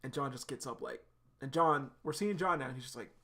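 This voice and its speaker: A man's voice: medium pitch, a little fast, a bit bright, breathy edge. A young man hosting a live stream, casually narrating webcomic panels aloud with lots of fillers.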